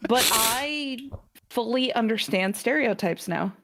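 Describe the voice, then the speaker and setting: A woman from the United States telling stories in a profane, animated, casual chat. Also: on the high side, slow pace, crowd noise. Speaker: host.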